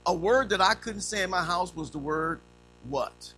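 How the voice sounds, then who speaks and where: A man's voice: high voice, a little fast, a little hiss or hum. A man in his fifties preaching a sermon, telling funny stories and acting out the voices in them. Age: 50s. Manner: animated storytelling, acting out quotes; humorous.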